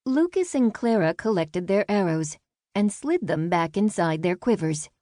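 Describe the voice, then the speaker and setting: A woman narrating a children's audiobook in a calm, measured way. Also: medium pitch, no room sound, studio quality.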